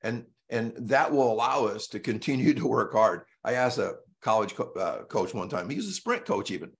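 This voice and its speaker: A man's voice: on the low side, expressive, normal speed. A male coach giving a presentation in a blunt, emphatic way, hammering points home with repetition and an occasional mild curse. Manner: casual and salty, with mild swearing.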